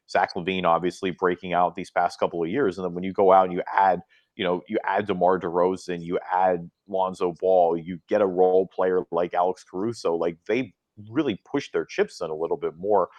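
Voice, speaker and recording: A young man co-hosting a casual sports podcast, an animated storyteller who acts out quoted dialogue, recorded on a close, dry mic. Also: low-pitched, brisk, no echo. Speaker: podcast co-host.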